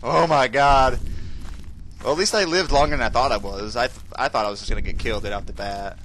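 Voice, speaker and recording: A man's voice: mid-range voice, a little fast, fairly bright tone, a little hiss or hum, rough recording. A young man commentating his own horror game playthrough, panicky, swearing, and breaking into screams. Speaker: gamer playing a horror game. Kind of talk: let's play commentary.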